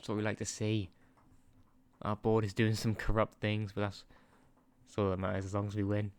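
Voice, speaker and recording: Low-pitched and completely flat, the man speaks at a moderate pace with a clear, resonant tone. He hosts a gaming channel and gives easygoing, chatty commentary on a football management game, often distracted, laughing and cursing into a sensitive desk microphone.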